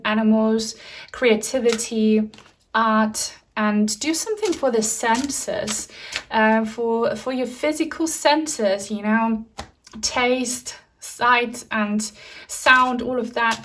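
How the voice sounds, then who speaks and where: A woman reads tarot cards for her viewers, giving earnest, direct advice that is broken up by frequent ums and likes. Her voice sits fairly high. She sounds a little distant from the microphone. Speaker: tarot reader. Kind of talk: tarot reading to camera.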